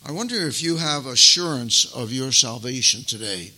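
Older preacher with a bright, emphatic voice. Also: male voice, mid-range voice, expressive, moderate pace, hardly any pauses, rough recording. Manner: emphatic, swinging between loud stresses and soft asides; addresses listeners as beloved, folksy asides. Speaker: pastor. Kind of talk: sermon.

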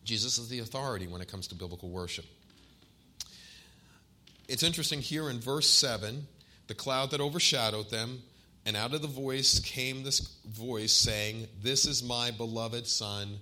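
Emphatic, bright-voiced preaching man. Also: mid-range voice. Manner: emphatic preaching, slows down on key phrases and scripture quotes; asks the congregation questions directly. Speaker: pastor. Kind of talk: sermon.

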